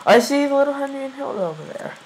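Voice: sits high, lively intonation, fast, a little hiss or hum, low-quality recording. A young gamer giving casual, rambling gameplay commentary, giggling and hesitating often. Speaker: let's play gamer.

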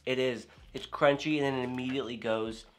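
Casting note: laid-back man from Houston, casual snack tasting, halting speech. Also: mid-range voice. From Houston, Texas. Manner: relaxed, hesitant, lots of "like" and "um". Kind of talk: casual taste-test chat.

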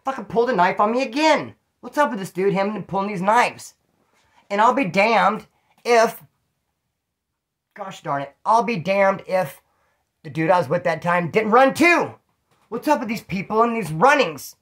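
A man's voice: high voice, lively intonation, normal speed, a bit bright. A man telling rambling, slangy, profane stories in a casual monologue. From California. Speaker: storyteller about prison life.

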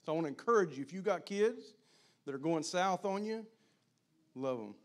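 High-voiced man preaching to men. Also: expressive, moderate pace. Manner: preachy, repeats phrases, builds to shouting in prayer. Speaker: guest speaker at a men's gathering. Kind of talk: sermon and prayer.

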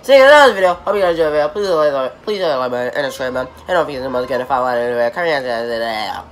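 A man's voice: medium pitch, very fast. Rambling young man with a noisy background. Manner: rambling, repetitive, self-correcting. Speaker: reaction video host. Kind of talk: casual video reaction. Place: apartment room. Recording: noisy home recording.

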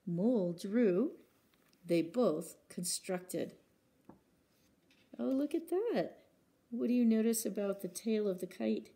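Librarian lady doing story time, slow and mellow, acts out the sound words, asks the kids questions. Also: medium pitch, gravelly, husky. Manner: expressive, acts out sound words, pauses to ask children questions. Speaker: librarian reading picture books aloud. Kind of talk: children's story time read-aloud.

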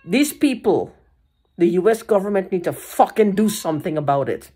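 A woman's voice: medium pitch, expressive, mellow, husky. A woman talking to the camera in an agitated, frustrated way, swearing, restarting sentences and repeating herself. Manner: halting restarts and repeated phrases. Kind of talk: casual vlog monologue.

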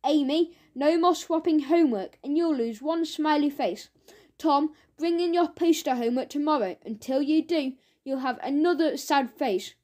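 A woman voicing a firm, measured male schoolteacher. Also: high-pitched, mellow, lightly acted. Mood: stern. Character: stern but fair male schoolteacher.

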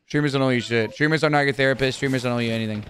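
A man's voice: medium pitch, very fast, slight background noise. A man live-streaming while gaming, talking bluntly to his chat, swearing freely and getting heated.

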